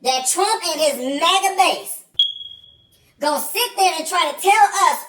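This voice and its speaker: A man playing an outraged, loud mother of many kids in a satirical skit, ranting and shouting with mock sobs. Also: extremely high pitch, normal speed, roomy sound, slight background noise, voice pushed up. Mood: exasperated.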